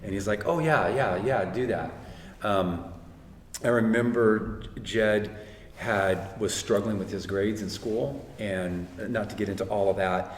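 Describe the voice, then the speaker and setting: A man's voice: fairly low pitch, a little slow, a little hiss or hum. A middle-aged man earnestly retelling a faith story, full of quoted speech, in casual conversation. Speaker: guest speaker. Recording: roomy hall reverb, faint ambience.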